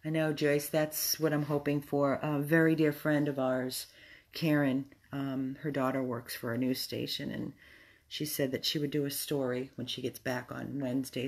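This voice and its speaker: A woman running a dog rescue, giving an earnest, upset live update indoors at home, answering viewers as she pleads for help. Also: very deep voice. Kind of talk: live video update, reading viewer comments.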